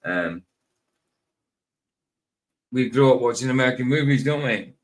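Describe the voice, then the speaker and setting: A man's voice: medium pitch, lively intonation, a little slow. A British man hosting a casual podcast chat, rambling and laughing often. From United Kingdom. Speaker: podcast host.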